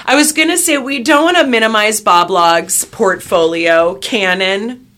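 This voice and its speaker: A woman co-hosting a comedy podcast, chatting casually and playfully, breaking into excited loud riffs. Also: mid-range voice, a little slow. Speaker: podcast co-host.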